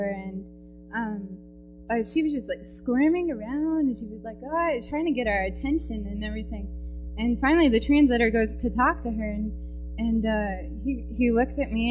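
Chatty young woman giving a testimony. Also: fairly high pitch. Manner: chatty, filler-heavy, breaks into teary laughter. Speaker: mission trip testimony speaker. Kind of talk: personal testimony. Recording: dull sound with music behind.

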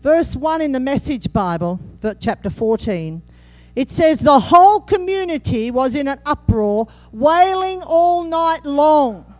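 A woman preaching a sermon, animated and humorous, acting out scripture quotes with sudden jumps in voice. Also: high voice, unhurried, faint music behind.

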